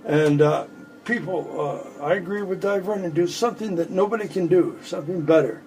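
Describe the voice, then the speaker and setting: An elderly magician in his eighties talks a bit quickly in a high, darkish voice while soft music plays behind him on a low-quality recording. Relaxing at home, he demonstrates tricks and fills the gaps with rambling humor.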